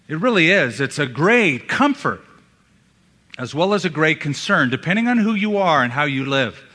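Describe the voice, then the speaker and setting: A male pastor preaching a sermon in a church, emphatic, with dramatic pauses and hushed drops. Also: fairly high pitch, big pitch swings. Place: church sanctuary. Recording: long hall reverb.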